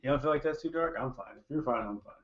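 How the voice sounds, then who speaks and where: A man's voice: medium pitch, fast. A guest man chatting casually on a podcast, wry and easily amused. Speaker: guest, brother of co-host. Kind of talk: casual chat. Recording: roomy, dull lo-fi sound.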